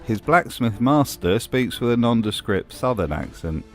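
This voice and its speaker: A man's voice: mid-range voice, expressive, moderate pace, soft background music. A man hosting a scripted commentary voice-over in a sardonic, mocking way. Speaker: host.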